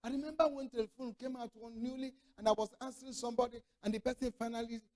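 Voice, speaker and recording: A man's voice: extremely high pitch, steady tone, fast talker, a little mellow. A middle-aged male pastor preaching a sermon, telling stories with acted-out dialogue and throwing rhetorical questions to the congregation. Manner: storytelling preacher who acts out quoted dialogue.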